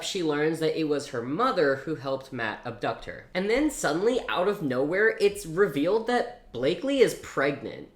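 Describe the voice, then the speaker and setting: A woman talking through a book review in a relaxed vlog, her tone sarcastic and disbelieving. Her voice sits low for a woman and bounces around an echoey room. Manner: sarcastic, incredulous.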